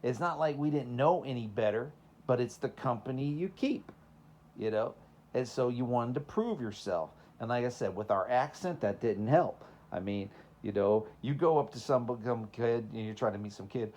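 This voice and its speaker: A man's voice: medium pitch, animated, normal speed, darkish tone. A man from Texas with a Southern accent, preaching in a casual, conversational way, telling personal stories and asking the listeners rhetorical questions. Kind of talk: informal sermon with personal stories.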